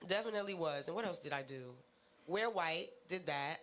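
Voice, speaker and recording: A young woman hosting a radio show, hoarse with her voice still not recovered, chatting in a bubbly, excitable way and laughing easily. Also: low-pitched, fairly quick, crowd noise. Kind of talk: casual radio chat.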